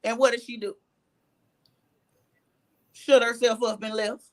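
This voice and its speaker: In an unhurried, slightly high voice, a reality show cast member tells a frank story as an interview guest. She curses openly, keeps things animated, and acts out the words of others.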